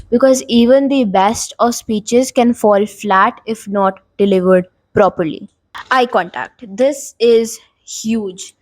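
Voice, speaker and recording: A woman's voice: medium pitch, a little mellow, dry recording. A young woman hosting a tutorial video, explaining tips casually to the camera with frequent filler words. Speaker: YouTube host giving tips. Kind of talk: talking-head tutorial.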